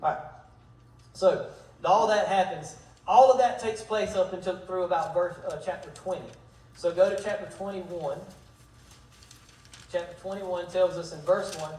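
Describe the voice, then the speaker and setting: A high-pitched man teaching a Bible study in a church hall. He retells scripture in relaxed everyday slang and acts out the characters' lines. He stands far from the mic, in a roomy, echoey space. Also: normal speed, pauses often. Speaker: pastor.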